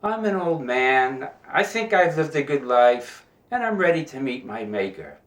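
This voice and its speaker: A man voicing a gentle, selfless old religious leader in a joke, in a fairly roomy recording. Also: medium pitch, big pitch swings, unhurried, far from the mic. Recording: roomy echo.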